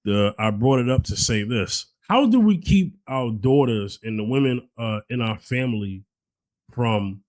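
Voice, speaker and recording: Male podcast co-host: casual, halting delivery, dry sound. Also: lowish voice, animated, darkish tone, no echo, low-quality recording. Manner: conversational, many fillers and restarts. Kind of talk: casual chat.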